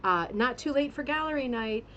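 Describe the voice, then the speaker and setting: A woman's voice: on the high side, lively intonation, normal speed, a bit bright, highs cut off, slight background noise. A woman hosting a casual craft club livestream, gushing with effusive praise and rambling with fillers, talking in a home studio with a green screen. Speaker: host of a rug hooking club livestream. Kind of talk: casual livestream show-and-tell.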